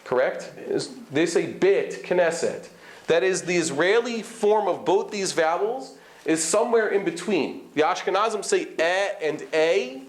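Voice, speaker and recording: In an echoey study hall classroom, a rabbi leads a live class, explaining and demonstrating vowel sounds and checking in with his students. His voice is high-pitched with lively intonation at a moderate pace.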